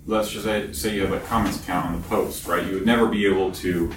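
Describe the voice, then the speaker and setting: A man's voice: deep voice, steady tone, fast talker. A man in a casual technical chat who thinks aloud and restarts his sentences mid-thought. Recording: echoey room, distant mic, background noise.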